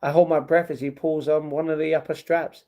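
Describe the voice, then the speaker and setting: Brief: male streamer reading aloud, casual and stumbling, mellow tone. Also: fairly high pitch, little pitch movement, brisk. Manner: stumbling reading with laughing asides. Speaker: livestream host. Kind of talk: reading a novel aloud on a livestream.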